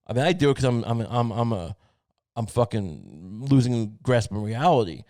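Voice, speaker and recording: A man's voice: medium pitch, expressive, normal speed, a little mellow, dry recording, studio quality. A man hosting a comedy podcast, ranting in a profane, rambling way full of restarts. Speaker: podcast host. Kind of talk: casual comedic rant.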